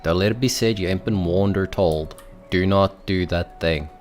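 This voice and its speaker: A man's voice: low-pitched, moderate pace, a little mellow, faint music behind, natural voice. A man voicing a blunt internet troll who keeps insisting on a warning. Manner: insistent, slangy, emphatic.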